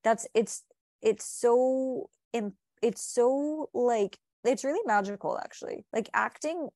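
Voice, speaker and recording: A woman's voice: fairly high pitch, takes it slowly, a little mellow, no room sound, studio quality. A woman speaking as a client in a hypnosis session, rambling earnestly and encouragingly with many fillers and restarts.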